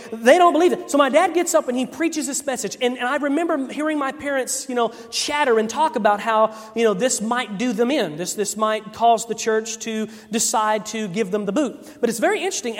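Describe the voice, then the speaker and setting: Man preaching in a reverberant hall. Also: high voice. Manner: animated storyteller, acts out quoted voices. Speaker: preacher giving testimony. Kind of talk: sermon testimony storytelling.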